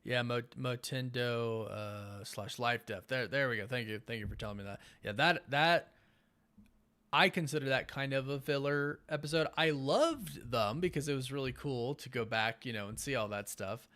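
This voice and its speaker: Young male host of a late-night live stream; tired, yawning, halting and rambling but upbeat. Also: medium pitch. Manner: rambling, halting with many fillers and restarts; enthusiastic, warmly thanks viewers. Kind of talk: casual live-stream chat.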